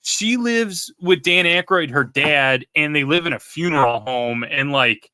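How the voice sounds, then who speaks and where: A man's voice: a little high, lively intonation, unhurried, pushed and bright, clean tone, no echo. A man co-hosting a podcast in casual chat, rambling and searching for words as he retells stories. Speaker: podcast co-host.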